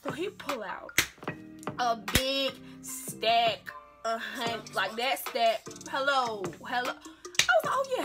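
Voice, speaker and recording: A young woman vlogger telling a story to her viewers in a casual, animated way, acting out quotes and laughing often. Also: a little high. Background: loud music.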